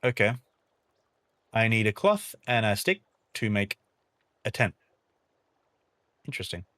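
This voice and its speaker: A man's voice: on the low side, very animated, a little slow, sharp tone, no echo. A man streaming a survival game, chatting casually and thinking aloud with a wry humor. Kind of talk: casual gameplay chat.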